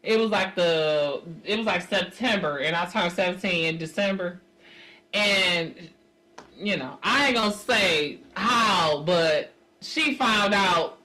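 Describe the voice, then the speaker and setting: A woman's voice: lowish voice, slow, pushed and bright. A woman co-hosting a podcast, talking bluntly and jokingly with slang and profanity. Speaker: podcast co-host. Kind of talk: casual chat.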